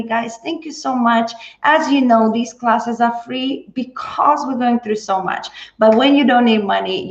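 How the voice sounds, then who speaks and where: A woman dance teacher chatting on a live stream after class, bubbly and chatty, thanking viewers by name. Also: a little high. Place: indoors at home. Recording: echoey room, dull lo-fi stream audio.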